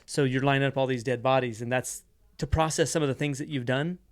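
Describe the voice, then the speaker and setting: Quick podcast host guy, stumbles through questions, dry mic. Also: medium pitch, steady tone, dry recording. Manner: rapid, hesitant questions. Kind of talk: casual interview chat.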